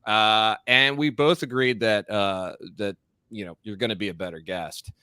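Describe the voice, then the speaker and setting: Bright, crisp-voiced male podcast host. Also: on the low side, moderate pace, no room sound, clean studio sound. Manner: playful, animated, joking asides. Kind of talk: casual interview chat.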